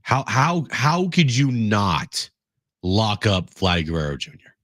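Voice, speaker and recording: Animated, opinionated male radio co-host. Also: fairly low pitch, a little slow, dry recording, studio quality. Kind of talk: sports talk radio. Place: radio studio. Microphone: studio mic.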